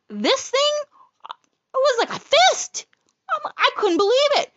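A woman telling a personal story in a blunt, profane and animated way. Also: very high voice, a little slow, no room sound, dull audio.

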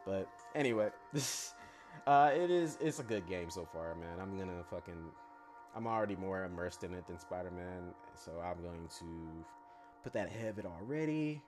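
A man's voice: sits low, animated, normal speed, music in the background. A young man giving a casual, rambling, profane review, blunt and full of fillers. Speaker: anime reviewer.

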